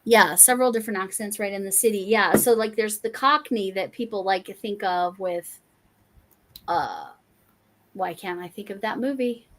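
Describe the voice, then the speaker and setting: A woman's voice: mid-range voice, normal speed. A woman from Colorado hosting a casual crafting livestream, rambling with many restarts and fillers. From Colorado, USA. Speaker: livestream host. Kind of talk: casual chat while crafting.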